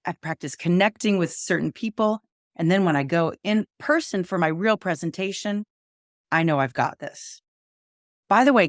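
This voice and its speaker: A middle-aged woman coaches people on public speaking. Her voice sits a little low and is recorded close and dry. She is expressive and leans into pauses and emphasis to show how it's done. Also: no echo. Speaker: communication coach. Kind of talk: instructional presentation tips.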